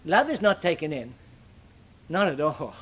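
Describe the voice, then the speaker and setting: An older man preaching a sermon, with dramatic, sweeping shifts in pitch and loudness. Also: sing-song, a little slow, breathy edge.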